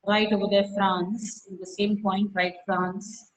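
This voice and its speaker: A woman teacher dictates notes very slowly to an online class. She repeats each phrase and reads out every comma and full stop. Her pitch sits mid-range, and she is heard through a video call. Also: flat delivery, poor audio. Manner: scolds students sharply by name.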